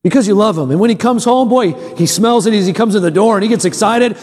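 High-pitched pastor preaching in a reverberant hall. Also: male voice, expressive, fast, few pauses, a little mellow. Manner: preaching with rising emphatic repetition, then easy storytelling asides. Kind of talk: sermon. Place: church sanctuary.

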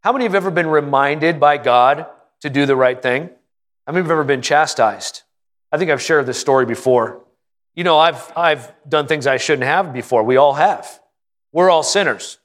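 A man preaching a sermon with a voice a little higher than most men's. He talks in a folksy, joking way and keeps asking the congregation questions. He slows down to lean hard on the lines that matter. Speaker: pastor.

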